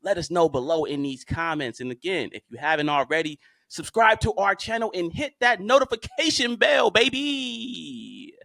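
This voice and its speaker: Animated male podcast co-host. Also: high voice, moderate pace, vocal fry, no echo. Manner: animated, joking, slangy. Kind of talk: casual podcast chat.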